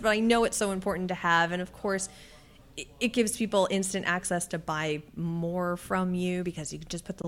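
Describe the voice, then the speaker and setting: A woman, an author and podcaster, talking as a guest in a conversational interview, telling lively stories, acting out her own dialogue and laughing often. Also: lowish voice.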